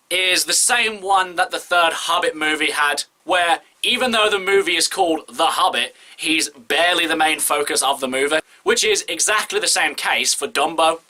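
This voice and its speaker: Man, film reviewer, casual review, very bright tone, opinionated. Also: a little high. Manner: chatty, opinionated, candid.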